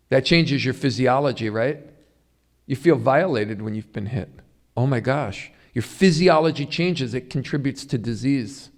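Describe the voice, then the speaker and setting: A middle-aged man giving a public Ayurveda lecture, speaking to the audience in a string of emphatic rhetorical questions. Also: mid-range voice. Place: yoga center hall.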